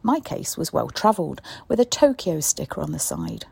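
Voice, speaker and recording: A woman's voice: sits low, big pitch swings, moderate pace, vocal fry, a little mellow, breathy edge, no echo. A woman from the East Midlands of England reading her short story aloud in a dry, wry manner. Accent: English, East Midlands. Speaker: story contributor.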